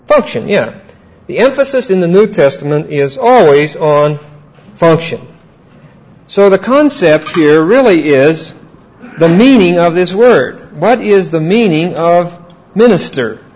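A man teaching a Bible class, asking his students questions and repeating key points slowly. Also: fairly high pitch, a little mellow, slightly rough, low-quality recording.

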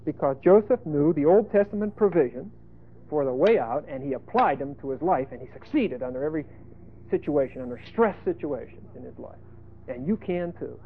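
A male preacher giving a folksy sermon, emphatic, with sudden loud bursts and asides. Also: fairly high pitch, animated, a little fast, a little hiss or hum. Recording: tinny phone-like lo-fi sermon tape.

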